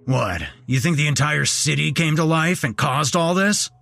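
A man's voice: medium pitch, normal speed, gravelly, a bit bright, dry recording, pitched above the performer's own voice. A man voicing a grumbling, stubborn bearded man in a horror audio story. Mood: grumpy. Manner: grumbling, disapproving.

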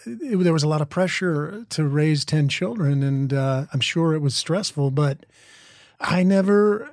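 Middle-aged guy chatting in an interview, easygoing, keeps restarting his sentences, bit higher voice. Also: unhurried, no room sound, clean studio sound. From American Midwest. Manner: relaxed, rambling storyteller with many restarts. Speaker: interview guest, actor. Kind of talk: casual interview chat.

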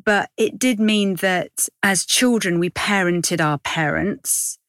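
A woman's voice: medium pitch, slow, a bit bright, no echo, clean studio sound. A woman in her forties, a comedian from Iran, talking candidly and rambling a little in a casual interview. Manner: chatty, candid, rambling with self-corrections. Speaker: comedian guest.

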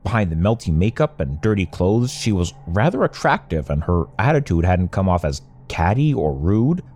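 Telling his own story at a normal speed, a young man sounds wry and conversational. His voice is low and mellow, with animated ups and downs in pitch throughout.

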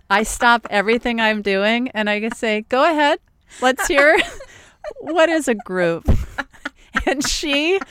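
A woman co-hosting a podcast in casual chat. Her voice is smooth and resonant, recorded close and dry. She tells stories with a deadpan delivery and breaks into laughter. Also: mid-range voice, no room sound. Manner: dry storyteller, bursts into laughter. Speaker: podcast co-host.

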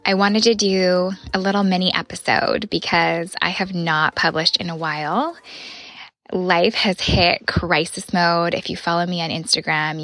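A woman in her thirties hosting a podcast, sharing a personal reflection in an earnest voice that often drops to a soft whisper. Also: lowish voice. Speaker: podcast host.

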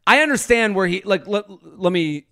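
A man's voice: sits high, expressive, moderate pace, creaky, sharp tone, no echo, clean studio sound. A man co-hosting a podcast, asking probing questions in casual chat with lots of restarts and incredulity. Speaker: podcast co-host.

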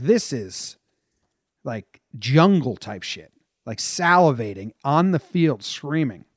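A man's voice: fairly high pitch, no echo, studio quality. A man reading a history passage aloud and breaking off into loose, casual comments as a podcast host.

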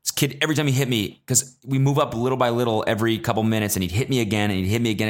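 A young man hosting a casual solo podcast, ranting with swearing and sudden high, exasperated outbursts. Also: steady tone, rapid-fire, few pauses. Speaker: podcast host. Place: traveling abroad, recording while away.

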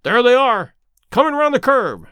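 A man reading aloud as a calm, precise detective with a measured, unruffled manner. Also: high-pitched, no echo. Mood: eager. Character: calm, precise male detective, middle-aged.

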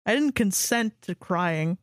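A woman's voice: mid-range voice, animated, a little slow, dry recording, clean studio sound. A woman co-hosting a podcast, reading a story aloud and cracking sardonic, swearing jokes at it. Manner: wry, swearing, laughs at her own jokes. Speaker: podcast co-host.

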